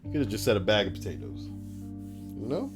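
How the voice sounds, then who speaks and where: A young man casually reading a list aloud on a live stream and chatting with viewers, animated and prone to ranting in put-on voices. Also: fairly quick. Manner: animated, breaks into high-pitched put-on voices and rants. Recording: soft music underneath. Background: soft background music.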